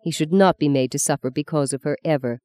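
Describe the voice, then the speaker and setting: A woman narrating a novel as an audiobook in a measured, expressive storytelling voice. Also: deep voice, no room sound. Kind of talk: scripted narration.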